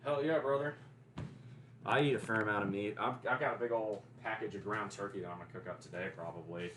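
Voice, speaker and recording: A man's voice: lowish voice, steady tone, quick pace, a bit bright, slight background noise, rough recording. A man with a Southern American accent chatting casually on a livestream, joking, teasing and answering his chat. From Deep South of the US.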